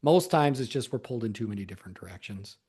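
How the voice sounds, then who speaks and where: A man's voice: medium pitch, animated, quick pace, a little mellow, husky. A man speaking as a sales coach, giving conversational advice in a solo talk, often repeating words and stressing key points.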